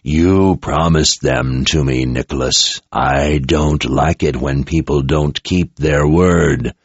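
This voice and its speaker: A man voicing a threatening male emperor who speaks through a possessed young soldier, in a deep, gravelly voice. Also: dry recording, heavily acted. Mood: menacing. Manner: slow, threatening, enraged at times. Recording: dull lo-fi recording.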